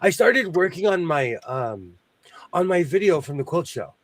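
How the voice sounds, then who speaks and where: A man's voice: a little high, lively intonation, moderate pace, no room sound. A man hosting a live sewing stream over a video call, chatty and self-mocking, greeting viewers by name. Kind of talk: casual chat.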